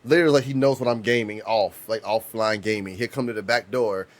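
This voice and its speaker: Low-voiced man rambling in casual chat. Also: steady tone, brisk. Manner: rambling storyteller, frequent restarts, swears freely. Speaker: podcast co-host.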